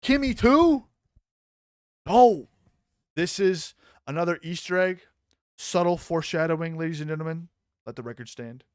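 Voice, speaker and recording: A man hosting a casual live-stream commentary, excitable and mocking, swearing freely. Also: fairly high pitch, fairly quick, clean tone, no room sound, clean studio sound.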